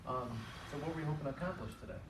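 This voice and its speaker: A man plays a plumber in an improvised sales role-play, asking friendly questions at a quick pace. He sounds distant in a roomy space. A steady background noise runs under his voice. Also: a little high. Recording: echoey room, distant mic, noisy.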